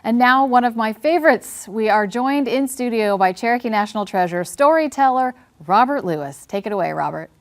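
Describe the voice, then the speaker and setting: A woman's voice: on the high side, expressive, a little fast, few pauses. Upbeat woman hosting a show. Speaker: show host. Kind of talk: host segment introduction. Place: studio.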